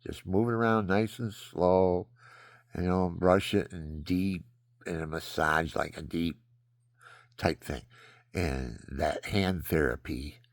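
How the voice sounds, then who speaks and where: Older male vlogger, deep gravelly voice, dry close sound; wanders off topic mid-sentence while stretching. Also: takes it slowly, no echo. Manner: digressive, drifting between topics; stretching while talking, breathy hiccups. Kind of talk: rambling casual monologue.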